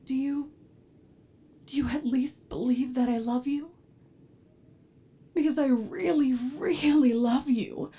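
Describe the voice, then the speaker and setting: A woman voicing an obsessive, devoted android with an unstable temper in a whispered role-play, talking softly and pleading, sometimes flaring into anger. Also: high-pitched, fairly even intonation, slow, pauses often. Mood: tender, anxious. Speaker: ASMR role-play performer.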